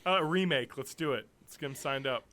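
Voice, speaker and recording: A man's voice: medium pitch, brisk, pushed and bright. A man in his thirties co-hosting a podcast, talking casually and animatedly, swearing and laughing often. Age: 30s. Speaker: podcast co-host. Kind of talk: casual chat.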